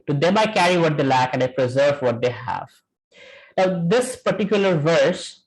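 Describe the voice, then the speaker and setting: A man with an Indian accent teaching on a scripture verse, retelling a story with lively quoted voices. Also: a little high, poor audio. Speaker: spiritual teacher.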